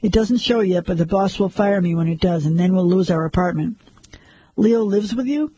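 Young barmaid, defiant and upset, voiced by a male narrator, husky tone. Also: high-pitched, moderate pace, mellow, no room sound, poor audio.

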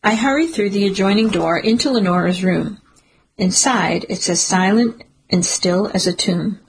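A woman narrating a first-person suspense story in a steady, measured storytelling manner. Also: medium pitch, slight background noise, rough recording. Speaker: audiobook narrator.

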